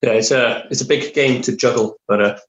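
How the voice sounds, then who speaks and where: A man's voice: mid-range voice, steady tone, a little fast, roomy sound, dull audio. A man in casual chat, answering a coach with brief, agreeing replies. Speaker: athlete asking for advice.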